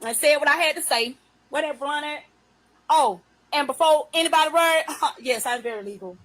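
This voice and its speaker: A woman hosts a phone livestream and unleashes an off-the-cuff rant full of profanity and confrontation, stretching out her emphatic lines. The voice is high-pitched and a bit bright, the pace moderate, and the audio rough.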